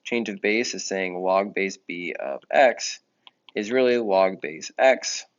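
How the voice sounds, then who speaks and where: A man's voice: sits low, slow pace. A man teaching a math lesson in a casual explaining way, often correcting himself. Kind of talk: recorded classroom lesson. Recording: dull lo-fi audio.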